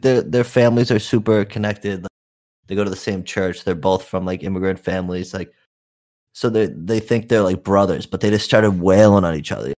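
A man's voice: lowish voice, darkish tone. A young man, a youth program counselor, telling profane stories in a rambling casual chat full of "like" and "dude".

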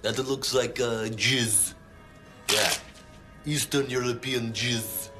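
Man playing a dim henchman, put-on Russian accent, slow halting speech, music under the film audio. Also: mid-range voice, natural voice. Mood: puzzled.

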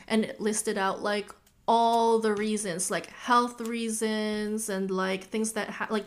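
A woman hosting a podcast, talking casually to her listeners with lots of "like" fillers and calling them bestie. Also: medium pitch. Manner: chatty, frequent "like" fillers, addresses listener as bestie. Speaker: podcast host.

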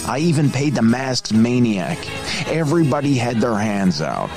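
A man voicing a cocky, crude mobster narrating his life in a parody of film narration, over loud music. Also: mid-range voice, sing-song, normal speed. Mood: boastful. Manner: swaggering, profane.

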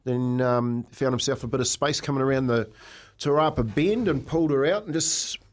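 A man's voice: mid-range voice, moderate pace. A New Zealand man chatting casually on radio, telling a long story with lots of fillers and restarts. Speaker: racehorse owner and regular.

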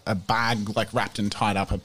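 A man narrating a tabletop game as game master, acting out characters with sudden shouts. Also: lowish voice, little pitch movement, moderate pace.

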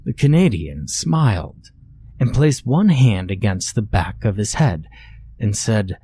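Male horror storyteller, husky and slow, deadpan delivery. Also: lowish voice. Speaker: narrator.

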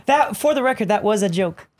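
A woman's voice: mid-range voice, expressive, moderate pace. A woman chatting casually during a party guessing game, giggly and self-conscious. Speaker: player in a spy guessing game. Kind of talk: casual chat.

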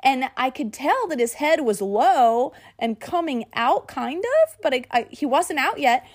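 Animated woman telling a story. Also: high-pitched, measured pace. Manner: animated, says "y'all", laughs often. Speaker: podcast host. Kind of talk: personal storytelling.

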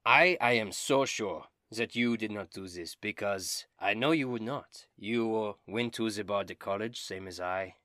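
A man's voice: on the low side, a little slow, few pauses, bright, forceful tone, no room sound, studio quality. A man voicing an ambitious, self-important male bard, speaking formally. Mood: scheming.

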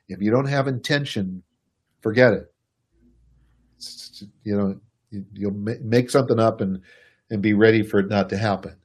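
A man giving a casual, animated explanation to a listener, chuckling and speaking to them directly. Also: mid-range voice, slightly rough. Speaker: speaker explaining personality types.

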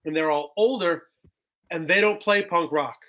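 A man in his twenties, a guest musician in a casual podcast chat, talking excitably and filling his speech with "bro" and "like". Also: fairly high pitch, moderate pace. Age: 20s.

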